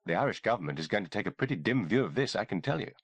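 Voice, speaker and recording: A man's voice: mid-range voice, big pitch swings, quick pace, no echo, voice pushed up. A man voicing a frightened and indignant male author who sputters and swears when cornered. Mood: frightened indignation.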